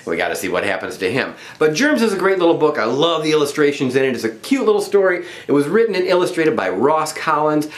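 A middle-aged man reads a picture book aloud to children. His voice swoops widely up and down, and his delivery stays friendly and expressive. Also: a little high, fast talker, few pauses, echoey room. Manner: animated and friendly.

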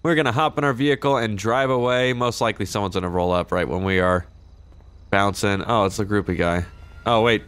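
A man's voice: on the low side, brisk, fairly bright tone, smooth. A young man playing a shop clerk in an online roleplay game, chatting casually, swearing now and then and drawling out his action emotes. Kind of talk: casual gameplay commentary and in-character chat.

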